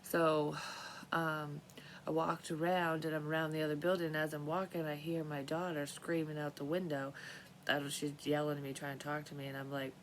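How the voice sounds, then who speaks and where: A woman's voice: low-pitched, level tone, normal speed, a little hiss or hum, low-quality recording. A woman telling her dreams in a casual, rambling monologue, swearing freely and often trailing off and restarting. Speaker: vlogger sharing dream readings.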